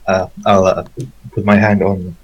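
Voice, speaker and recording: A man playing a tabletop game who speaks in a slow, halting way. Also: low-pitched, little pitch movement, a little hiss or hum. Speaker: player. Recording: dull lo-fi mic.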